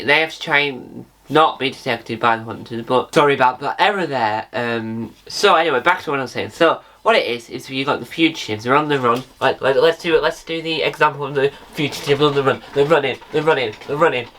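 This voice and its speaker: A man's voice: mid-range voice, sharp tone. A man hosting a casual vlog about a reality show, rambling and jokey and often correcting himself mid-sentence. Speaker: reality TV video host.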